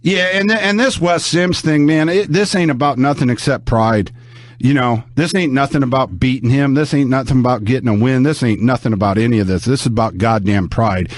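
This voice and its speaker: A man's voice: mid-range voice, fairly quick, no echo. A man talking casually on a podcast, rambling and swearing, sounding sore and worn out. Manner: rambling, profane, restarts often.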